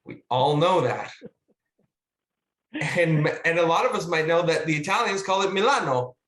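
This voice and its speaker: A man's voice: on the high side, moderate pace, a bit bright. A man, a guest actor, chatting over a video call in a musing way, full of fillers and restarts. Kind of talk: casual webinar discussion. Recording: roomy echo.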